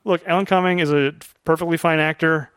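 A fairly high-voiced man co-hosting a casual movie-review podcast. He talks in a lively way, with lots of quick asides and little impressions. The sound is close and dry. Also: clear, resonant tone, no room sound. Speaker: podcast co-host.

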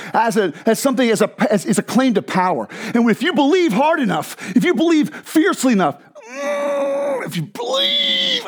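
A male pastor preaching a sermon in an animated, joking way, sometimes mimicking other voices. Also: sits high.

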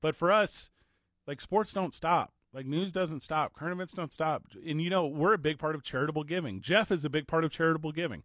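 A man's voice: fairly high pitch, a little fast, fairly bright tone, no echo. A man hosting a sports radio show, joking and bantering casually into a studio microphone.

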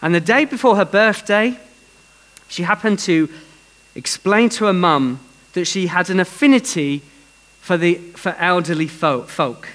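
A man's voice: high voice, measured pace, a bit bright, low-quality recording. A man preaching a sermon in an earnest way, telling a story with some restarts.

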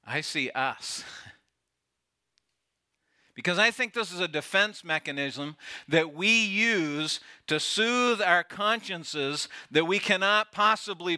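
A man preaching a sermon as pastor, earnest, often dropping soft and low to stress a point.

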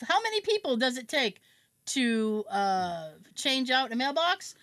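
A woman's voice: high voice, big pitch swings, unhurried, fairly bright tone, dry recording. A woman podcast host chatting casually, acting out other people's lines while telling a story, poking fun at herself and swearing. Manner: self-mocking, swears casually. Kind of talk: casual chat.

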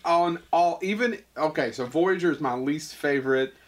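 A man with a somewhat raised voice throws quick sarcastic quips into a casual group podcast chat. He jumps in with jokes and teasing questions. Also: fairly high pitch. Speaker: podcast co-host.

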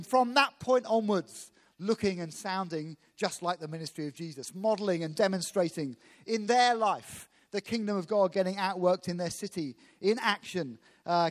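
A man from England preaching a sermon quickly and emphatically, turning to the congregation with asides. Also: high voice. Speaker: visiting pastor. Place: church hall. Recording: echoey church hall.

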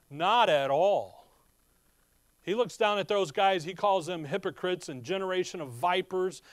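A man's voice: high-pitched, no room sound, clean studio sound. A man preaching a sermon, reading scripture aloud and explaining it in an emphatic, conversational way full of rhetorical questions.

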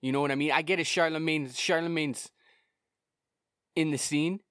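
A man's voice: a little high, fairly even intonation, moderate pace, a bit bright, clear, resonant tone, no room sound, studio quality. A young man hosting his own podcast, ranting heatedly with lots of swearing and repeated words. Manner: heated, profane, repetitive. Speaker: podcast host and musician. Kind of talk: solo podcast rant.

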